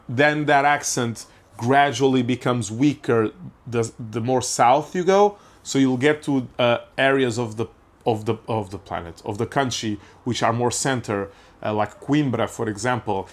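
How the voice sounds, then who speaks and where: Rambling man musing on a podcast. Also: medium pitch. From Portugal. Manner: rambling, self-interrupting, swears casually. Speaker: podcast host. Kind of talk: casual comedic monologue.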